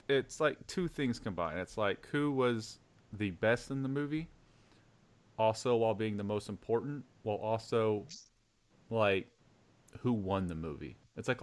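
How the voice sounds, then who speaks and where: Guy hosting a movie podcast, bright tone, laughs a lot, acts out lines. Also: lowish voice. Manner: laughing often, acting out quoted lines. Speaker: podcast host. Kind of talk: casual movie podcast chat.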